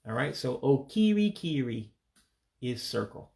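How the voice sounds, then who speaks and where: A man who speaks English as his first language gives a casual vocabulary lesson, repeating each word slowly and pronouncing it carefully. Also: mid-range voice, sing-song, vocal fry, a little mellow. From United States. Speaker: language learner teaching vocabulary.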